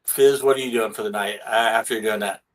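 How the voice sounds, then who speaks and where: A man running a tabletop game as game master, casual and halting with many fillers. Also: fairly low pitch, fairly even intonation.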